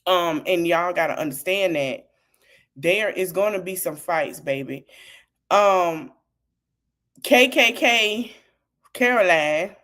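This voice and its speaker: A woman hosting a podcast, talking to her audience in an animated, casual way about politics and laughing often. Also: lowish voice, takes it slowly, pauses often. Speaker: podcast host.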